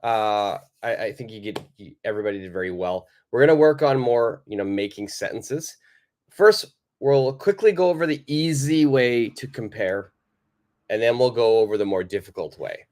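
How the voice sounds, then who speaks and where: A man's voice: on the low side, lively intonation, moderate pace, darkish tone. A man teaching a live online English lesson, patiently repeating his questions to the viewers.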